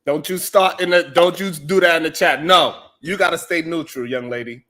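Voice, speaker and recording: High-voiced joking male stream host. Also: normal speed, a bit bright. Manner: joking, boastful, laughs often. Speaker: livestream show host. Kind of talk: casual livestream monologue.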